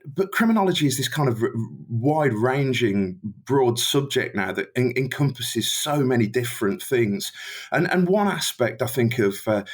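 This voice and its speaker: A man's voice: medium pitch, husky. A man with a Birmingham English accent speaks as a podcast guest. He is a professor who answers politely and at length. He often repeats words and restarts his sentences. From Birmingham, England. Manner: polite, rambling, many restarts and fillers. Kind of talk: interview answers.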